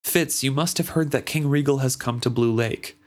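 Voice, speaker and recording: A man's voice: mid-range voice, normal speed, pitched above the performer's own voice, lightly acted. A man reading out the lines of a sly, confident young woman minstrel from a book, in a plain reading voice. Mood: urgent. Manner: read aloud plainly.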